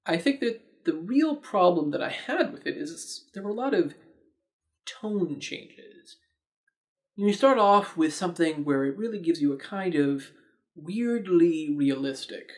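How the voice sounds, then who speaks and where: A man hosting his own movie review channel, talking in a casual, chatty way with playful, sarcastic asides. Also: a little high.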